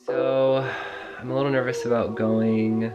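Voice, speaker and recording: A young man in casual vlog chat, rambling and excitable, swearing casually as he talks. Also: mid-range voice, measured pace, highs cut off, over loud music. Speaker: travel vlogger.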